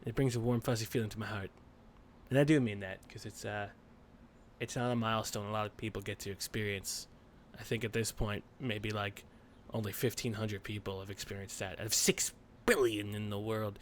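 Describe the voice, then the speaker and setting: A man's voice: fairly low pitch, fairly even intonation, brisk, a little hiss or hum. A young man hosting a gaming channel, rambling and swearing casually through let's-play commentary. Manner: rambling, swears, rants with rising energy. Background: game music.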